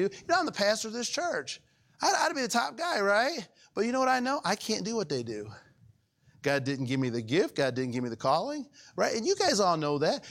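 Male pastor, high-pitched, folksy conversational sermon with many asides to the congregation. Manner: conversational preaching with frequent questions to the congregation; wide swings between raised and hushed delivery.

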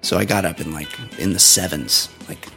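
A man's voice: low-pitched, fairly quick, vocal fry, sharp tone, soft background music. A man hosting a casual comedy podcast, joking crudely and swearing, in his morning voice. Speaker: podcast host. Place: home studio.

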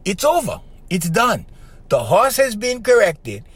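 A middle-aged man, hosting a podcast in a casual monologue. He tells stories in an animated way, keeps checking in with "right?", and has the strong voice of a trained singer. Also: high voice, measured pace, slightly rough. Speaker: podcast host.

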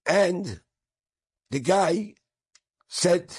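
Man, rabbi, storytelling sermon, slightly high voice, dry close sound. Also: moderate pace, creaky, breathy edge, no room sound. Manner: vivid storytelling with Yiddish and Hebrew words.

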